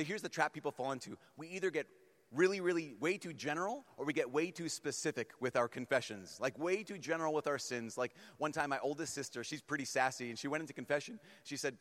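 Joking priest preaching in an echoing hall. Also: male voice, mid-range voice. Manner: humorous, animated, acts out stories. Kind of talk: sermon to a youth gathering. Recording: long reverb in a large hall.

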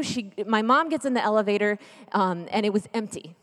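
Her voice is mid-range and a little fast as this woman in her thirties shares a family story within a sermon at a church gathering. The telling is lively, chatty and full of jokes before it grows earnest and hushed. A large hall lends it a long reverb.

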